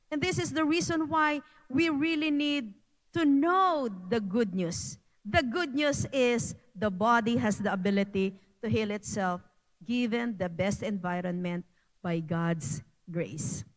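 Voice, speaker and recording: A woman's voice: sits high, a bit bright, in a large hall, rough recording. A woman with a Filipino accent giving an earnest, repetitive health talk at a church prayer meeting. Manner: earnest, repeats phrases, slow.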